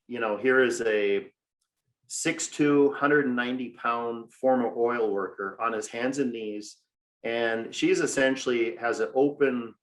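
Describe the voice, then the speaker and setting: A grieving father from Minnesota, telling his story in a podcast interview with measured, deliberate storytelling and frequent fillers. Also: medium pitch, a bit bright. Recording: echoey room.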